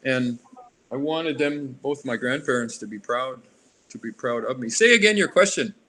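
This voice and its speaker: A man in his sixties from Alaska talks at a middle pitch in a loose, meandering interview manner. He wanders off on tangents and restarts his sentences as he goes. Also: expressive, moderate pace, fairly bright tone. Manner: rambling, drifts into tangents. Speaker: artist interviewee. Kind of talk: casual interview.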